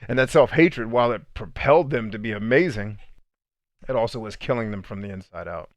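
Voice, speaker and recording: A man's voice: lowish voice, fairly quick, no room sound. Blunt, plain-spoken male podcast host. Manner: blunt, emphatic, profane; conversational, frequent "right?" asides. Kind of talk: motivational podcast monologue.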